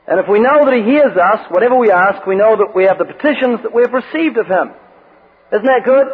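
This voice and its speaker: A man's voice: sits high, animated, fairly quick, slightly rough. A man preaching a sermon, reading scripture and telling joking anecdotes. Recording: phone-like radio broadcast with long reverb.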